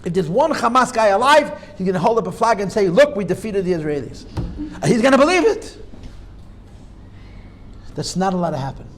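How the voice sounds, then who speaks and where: A man's voice: high-pitched, big pitch swings, brisk, long pauses, a bit bright, slight background noise. A man teaching a Torah class as a rabbi, emphatic and repeating key points while debating his students. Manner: emphatic, argues back and forth with students.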